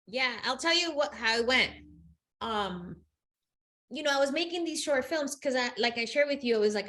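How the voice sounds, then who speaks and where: A woman guest with a slightly high voice talks about her work in a lively interview. She is animated and laughs often. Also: moderate pace. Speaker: guest, producer. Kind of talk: interview conversation.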